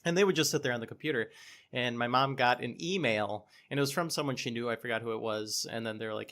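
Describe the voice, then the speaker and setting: A man's voice: mid-range voice, fast talker, a bit bright. A man co-hosting a gaming podcast, telling a story in a rambling, self-mocking way with lots of fillers. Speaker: podcast co-host. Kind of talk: casual storytelling.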